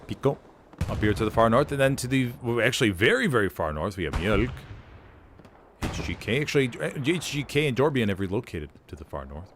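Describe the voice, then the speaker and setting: A man giving energetic, jokey play-by-play commentary on a competitive war video game, drifting into rambling asides. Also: mid-range voice, fairly quick, slight background noise. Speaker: esports caster.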